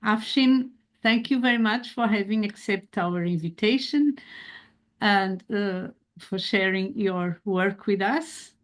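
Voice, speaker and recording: A woman moderating an academic webinar, reading a measured, formal introduction of the guest. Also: medium pitch. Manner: measured, reads a prepared introduction.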